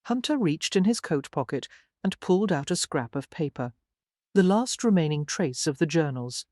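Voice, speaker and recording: An audiobook narrator giving a measured, even scripted reading of a romance novel. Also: mid-range voice, no echo, clean studio sound.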